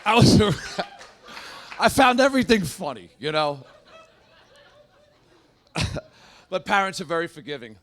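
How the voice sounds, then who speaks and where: A man's voice: sits high, big pitch swings, takes it slowly, long pauses, fairly bright tone, slight background noise. A middle-aged man doing a stand-up comedy set in a comedy club, working the crowd with brash, joking banter.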